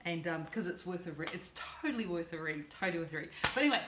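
A woman's voice: fairly low pitch, lively intonation, quick pace, reverberant, background noise. A middle-aged woman hosting a live cooking channel video, effusive and emotional, repeating words for emphasis.

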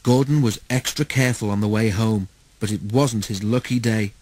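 A man's voice: fairly low pitch, normal speed, darkish tone, rough recording. Man reading a storybook aloud.

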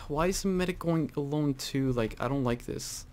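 A man giving casual, rambling commentary over his own gameplay, full of fillers and sudden excited outbursts. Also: fairly high pitch, moderate pace. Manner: chatty, rambling with many fillers, bursts into excited exclaims. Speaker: gaming channel host.

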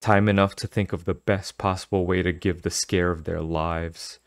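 A man narrating an audiobook in an expressive, dramatic storytelling manner. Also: sits low, normal speed, no room sound, studio quality.

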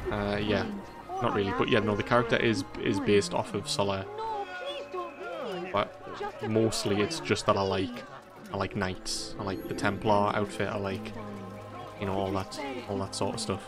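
Chatty northeast English streamer. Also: male voice, on the low side, little pitch movement, moderate pace, long pauses, over loud music. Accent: Geordie and Mackem. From northeast England. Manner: rambling, chatty, laughs often. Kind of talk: casual gameplay commentary.

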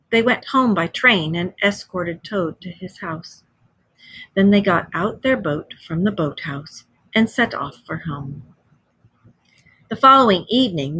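Husky woman reading a story to a class. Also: fairly low pitch. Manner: expressive, explains to children. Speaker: teacher.

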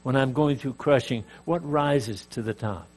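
A man's voice: mid-range voice, measured pace, a little mellow. An older man from Canada teaching a sermon, emphatic, rising and dropping in volume, with asides and jokes to his audience. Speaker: preacher.

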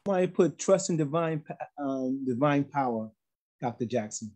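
A man moderating an online session, relaying comments from the chat in a relaxed, chuckling way. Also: medium pitch, normal speed. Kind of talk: casual chat. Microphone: online call.

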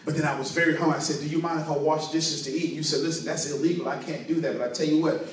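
A man's voice: fairly high pitch, steady tone, fast, slight background noise, close to an everyday voice. A man voicing a grateful, successful businesswoman earnestly within his sermon story. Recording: very echoey room, distant mic.

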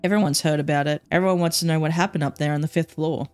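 A woman's voice: low voice, fairly even intonation, fast talker, darkish tone, smooth, no room sound, faint music behind, natural voice. A woman voicing a blunt, teasing older nurse in a story game, reading her lines in a dry, matter-of-fact way.

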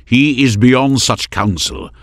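A man's voice: medium pitch, takes it slowly, dry recording, studio quality, pitched above the performer's own voice, lightly acted. A man voicing a stern veteran warrior in an audiobook, firm and grave as he warns.

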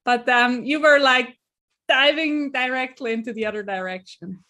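Higher-voiced woman podcast host. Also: moderate pace, pushed and bright. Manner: inviting, encouraging questions. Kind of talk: casual interview.

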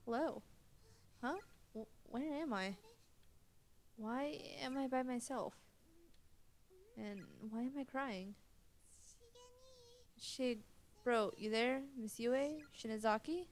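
A woman's voice: a little high, takes it slowly, long pauses. A woman voicing a frightened teenage schoolgirl who talks herself through panic.

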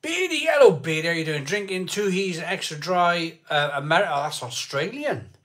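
A man's voice: fairly high pitch, normal speed, a bit bright. A man chatting casually with viewers on a live beer stream, greeting people by name and rambling between topics. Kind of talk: casual chat reading live comments.

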